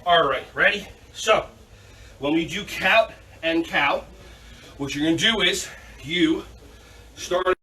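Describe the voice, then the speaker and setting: Man, kids' yoga teacher, playful, slow deliberate pace, bright voice, distant mic. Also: sits high. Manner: playful, upbeat instruction with silly animal sounds. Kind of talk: guided children's yoga class. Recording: distant mic, faint background noise.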